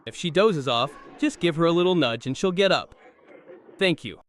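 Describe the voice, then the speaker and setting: Stand-up guy on stage, bit high voice, kinda off the mic, rambling story w crowd bits. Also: normal speed, recorded from a distance, noisy background. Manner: animated storytelling, crowd work, swearing. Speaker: stand-up comedian. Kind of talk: stand-up comedy set. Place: comedy club stage.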